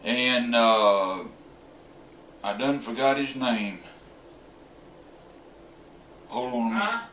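Old southern guy in his 70s spinning a folksy yarn, real slow and bright-toned, echoey room. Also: medium pitch, animated, a little hiss or hum. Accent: Southern American. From Southern United States. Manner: slow, drawling, homespun, with frequent "uh" pauses. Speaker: storyteller. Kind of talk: folksy humorous storytelling.

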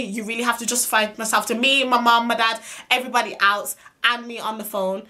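A young woman telling a storytime vlog in an exasperated, slangy, fast way. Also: on the high side, fairly even intonation, sharp tone. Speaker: vlogger.

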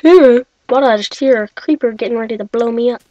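Young female let's-player, higher voice, excitable running commentary to herself. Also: quick pace, no echo, highs cut off. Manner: excitable, talks to herself, shrieks when startled. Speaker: gaming video creator. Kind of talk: Minecraft let's-play commentary.

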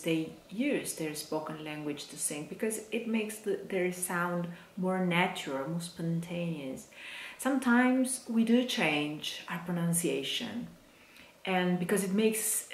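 Italian-accented woman as a voice teacher, low-pitched and very slow, echoey room. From Italy. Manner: slow, careful, repeats sounds for the listener to copy. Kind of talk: diction lesson for singers.

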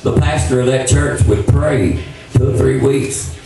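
A man's voice: mid-range voice, measured pace, vocal fry, over loud music. A man preaching in a folksy country manner as a pastor addressing his church. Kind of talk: sermon announcement. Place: church sanctuary. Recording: echoey church from far off.

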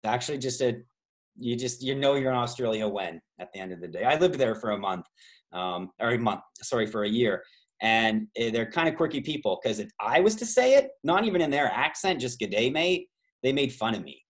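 A man's voice: medium pitch, lively intonation, brisk. A man from Canada hosting a travel trivia game over a video call, rambling through side stories with many fillers. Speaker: trivia host and tour guide.

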